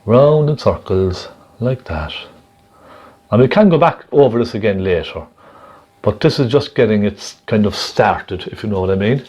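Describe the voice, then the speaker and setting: A man gently demonstrating a painting technique step by step, chatting and checking in with the viewer as he works. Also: lowish voice, expressive, moderate pace, husky. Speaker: painting instructor.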